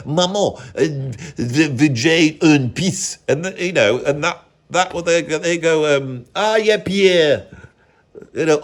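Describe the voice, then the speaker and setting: A British man in his fifties, a music vlogger giving a rambling, mocking casual rant peppered with mild swearing. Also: medium pitch. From Britain.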